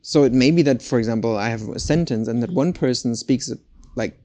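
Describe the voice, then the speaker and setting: Very deep-voiced woman learning tones. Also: fairly quick, dark tone. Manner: curious, repeats phrases carefully. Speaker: learner co-host. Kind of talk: podcast language lesson.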